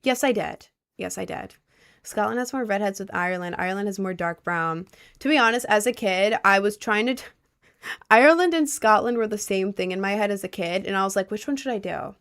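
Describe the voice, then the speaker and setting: A woman's voice: medium pitch, a little fast, fairly bright tone, clean tone. A young woman from Maryland chatting casually on a livestream, answering viewer questions with playful, dry sarcasm. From Maryland, USA. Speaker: streamer reading chat.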